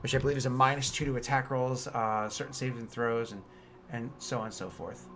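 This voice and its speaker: A man running a tabletop game as game master, explaining rules and then narrating combat with excited energy. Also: medium pitch, a little fast, noisy background.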